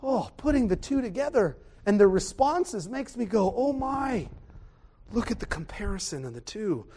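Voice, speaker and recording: A man preaching a sermon in a high, light voice. He is animated, rising to loud exclamations and then dropping to hushed, quiet tones. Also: unhurried, slightly rough.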